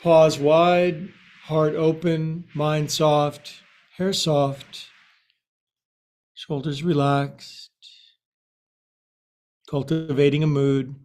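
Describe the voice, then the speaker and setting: Brief: male yoga teacher, slightly high voice, unhurried, jokey asides between cues. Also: level tone, a little mellow. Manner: slow and joking, with quirky asides. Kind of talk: guiding a yoga class.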